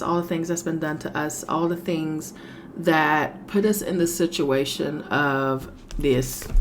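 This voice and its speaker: Sassy, chatty woman with a low voice. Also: slight background noise. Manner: chatty, sassy, swears casually. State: sick with a cold. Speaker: tarot reader. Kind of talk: casual tarot reading monologue.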